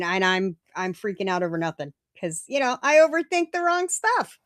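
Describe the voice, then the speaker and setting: Chatting on a livestream from home via webcam or phone camera, a middle-aged woman hosts a recovery meeting and wanders off on casual tangents with her viewers. Her medium-pitched, fairly bright voice swings widely in pitch at normal speed, with clean, echo-free studio sound.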